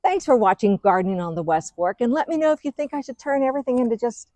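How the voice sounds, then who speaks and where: A middle-aged woman hosting a gardening vlog, chatting excitedly as she walks through her outdoor garden. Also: fairly high pitch, fast, dry recording. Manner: chatty, excitable, gushing over plants. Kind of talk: casual garden walk-through.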